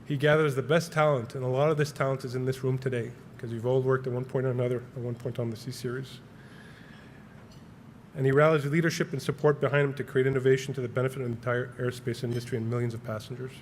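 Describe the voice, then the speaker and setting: A man reading a prepared award acceptance speech on behalf of a colleague, halting with many filler words. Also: mid-range voice, fairly even intonation, a little hiss or hum. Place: large banquet hall.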